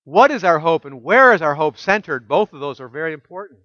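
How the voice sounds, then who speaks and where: A man preaching a sermon as pastor, emphatic and full of rhetorical questions, dropping soft and low when quoting scripture. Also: expressive, a little fast, no room sound, dull audio.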